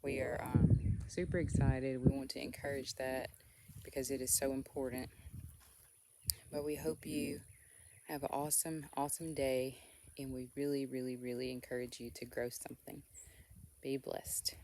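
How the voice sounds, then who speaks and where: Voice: medium pitch, little pitch movement, moderate pace, mellow, slight background noise. Chatty homesteader giving a garden tour. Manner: upbeat and chatty, with small laughs. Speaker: homestead vlogger. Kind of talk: casual walking garden tour.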